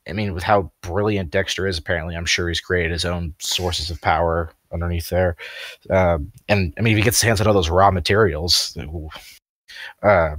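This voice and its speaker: Rambling, laughing low-voiced man. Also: a bit bright, no room sound. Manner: rambling, laughs often, many fillers. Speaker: podcast co-host. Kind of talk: casual chat.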